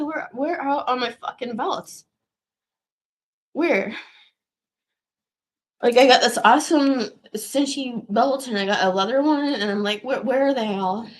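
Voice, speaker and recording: A woman in her thirties hosting a casual livestream, rambling and chatty, swearing freely and trailing off mid-sentence. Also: high voice. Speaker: livestream host.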